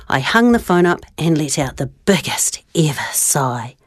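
A woman's voice: sits low, expressive, measured pace, hardly any pauses, no echo, studio quality. A woman reading a rhyming children's story aloud in a sing-song way.

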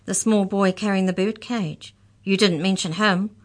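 A woman's voice: low voice, expressive, moderate pace. A woman reading aloud voices an angry, bullying male captor who demands answers and hisses threats. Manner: demanding, hissing.

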